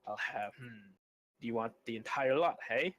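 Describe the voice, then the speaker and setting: A man's voice: mid-range voice, moderate pace, fairly bright tone, a little hiss or hum, lightly acted. A man doing a pompous slave trader. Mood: smug. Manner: smug, salesy, self-important.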